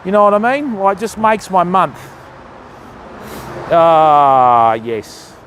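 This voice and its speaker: Casting outdoors during a live fishing stream, a high-pitched Australian man ribs his viewers in easy, casual banter. His slow, fairly bright voice has faint outdoor noise behind it.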